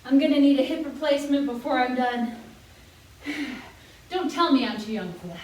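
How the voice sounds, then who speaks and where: A woman's voice: sits high, normal speed. A young woman leading a senior workout class as a fitness instructor, chatty, joking and encouraging while she exercises along. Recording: very echoey room, voice from far off.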